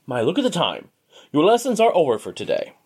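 A measured, evasive tutor from a storybook, as a man puts him on. His replies come carefully, with a slightly high, lively pitch. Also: slightly rough, exaggerated voice.

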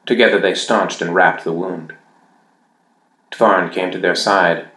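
A man with a fairly low voice reads a fantasy story aloud, measured and even. His voice carries a noticeable roominess, as if read in an echoey space. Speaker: audiobook narrator. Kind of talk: fantasy audiobook narration.

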